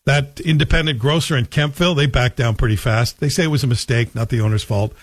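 A man's voice: medium pitch, fast talker, dry recording. Combative male talk radio host. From Canada. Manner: combative, sarcastic, emphatic. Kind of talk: opinionated talk radio monologue. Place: radio studio. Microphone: studio microphone.

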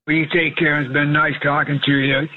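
A man's voice: on the high side, little pitch movement, brisk. A man in his eighties calling in to a radio show, talking in a rambling, effusive way over a phone line. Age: 80s. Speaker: caller.

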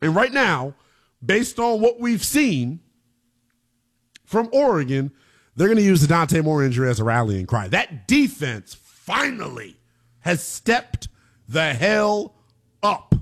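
A man's voice: sing-song, takes it slowly, long pauses. Hyped-up sports radio host, a man. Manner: hyped, swings between loud calls and low muttered asides. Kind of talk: late-night college football talk radio.

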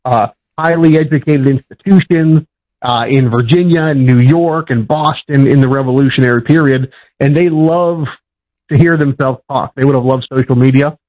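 A man's voice: medium pitch, moderate pace. A man from Pittsburgh, a historian answering interview questions in a plainspoken, explanatory way with frequent fillers. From Pittsburgh, USA. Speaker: historian guest. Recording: dull lo-fi sound.

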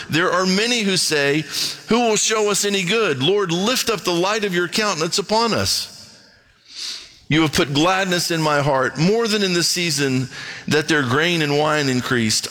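A man preaching a sermon and reading scripture aloud, emphatic, dropping to a hush and then rising to excitement. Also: fairly high pitch. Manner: emphatic, swings between hushed and excited. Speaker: pastor.

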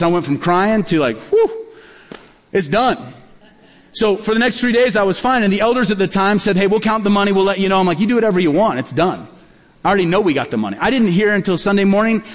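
A man with a high, light voice preaches a sermon, telling a story and acting out the quoted lines. His voice rings with the long reverb of a large church hall. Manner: storytelling, acts out quoted dialogue. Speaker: pastor.

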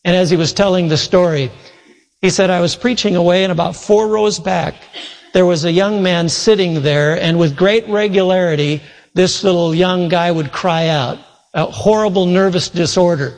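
Earnest preacher in a reverberant hall. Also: male voice, sits high, normal speed. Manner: earnest, retelling a story with quoted dialogue. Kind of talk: sermon storytelling.

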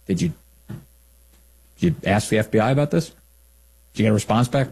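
A man's voice: mid-range voice, animated, normal speed, gravelly, pauses often, breathy edge. A man hosting a political commentary show, talking in a sarcastic, mocking and incredulous way.

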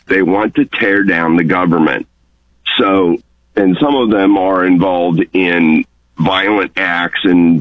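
Very deep-voiced male caller on the phone. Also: dry recording. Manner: earnest, insistent. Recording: tinny phone line.

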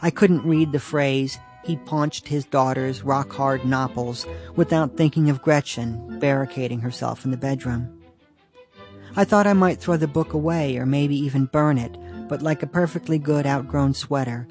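A man's voice: medium pitch, normal speed, darkish tone, soft background music. A man reading his own humorous personal essay aloud with a dry, understated delivery.

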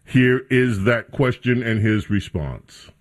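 A man's voice: medium pitch, slow. A man hosting a talk radio show, introducing clips and guests in a casual, rambling way. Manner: sarcastic, mocking reporters in a raised voice.

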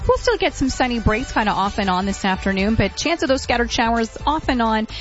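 A woman reading the weather forecast on the radio in a brisk, even delivery. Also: a little high. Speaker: weather presenter. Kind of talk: scripted weather report. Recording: dull broadcast audio with faint music bed.

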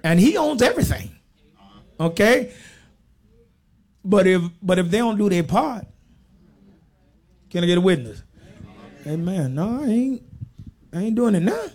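A male pastor preaching, reading scripture slowly and emphatically, then breaking into casual asides and call-and-response with the congregation. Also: high voice, very animated, a little mellow.

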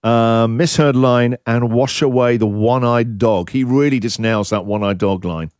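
A man's voice: mid-range voice, measured pace, a little mellow. A man hosting a radio show, playing song clips and joking through them with frequent laughter. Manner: jokey, laughs often, plays song clips. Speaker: radio host. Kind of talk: breakfast radio banter.

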